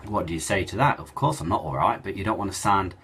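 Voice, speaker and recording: A man telling a personal story in a halting, emotional way, with many fillers and restarts. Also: low voice, lively intonation, a bit bright, slight background noise. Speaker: cancer survivor telling his story.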